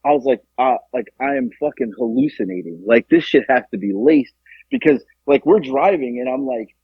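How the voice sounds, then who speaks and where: A young man co-hosting a podcast, telling a story in a casual, animated way and acting out the quotes. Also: moderate pace, vocal fry, husky, no echo. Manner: animated, acts out quotes with jumps in pitch. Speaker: podcast co-host. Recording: dull lo-fi, dry.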